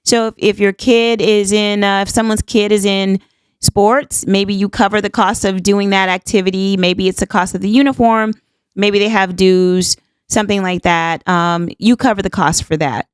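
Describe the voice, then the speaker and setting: A woman's voice: medium pitch, fairly even intonation, moderate pace, smooth, dry recording. Earnest, emphatic woman in her fifties. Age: 50s. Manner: folksy, says "honey child" and "y'all". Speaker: podcast host. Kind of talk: casual monologue.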